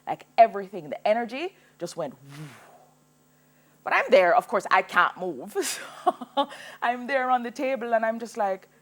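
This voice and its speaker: A woman in her thirties, a singer telling her own story as a TV guest, animated and laughing as she goes. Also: a little high, normal speed. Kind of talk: personal storytelling in a TV interview.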